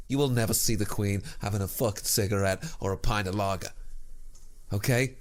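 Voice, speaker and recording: A man performs a sarcastic comedic rant straight to camera. His voice swings between hushed, almost whispered asides and sudden loud outbursts. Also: lowish voice, normal speed, pauses often. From England.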